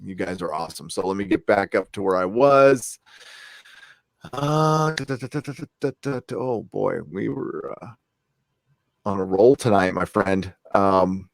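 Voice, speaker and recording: A man's voice: medium pitch, expressive, slow, gravelly, dry recording, clean studio sound. A man hosting a casual live stream from home, talking bluntly and rallying his viewers. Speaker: livestream host. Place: home room.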